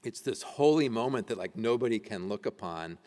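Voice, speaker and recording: In a church meeting room, a man teaches an adult education class, reading ancient texts aloud and discussing them casually. His voice is fairly low and darkish in tone, animated and brisk, and he laughs conversationally as he reads, with church hall reverb on the recording.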